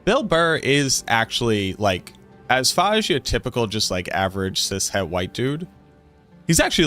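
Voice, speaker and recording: Streamer, 30s, Boston accent, low and chatty, faint music behind. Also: male voice, a bit bright. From North Shore of Boston, USA. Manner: rambling, chatty, lots of "like". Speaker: game streamer. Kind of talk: casual stream chat.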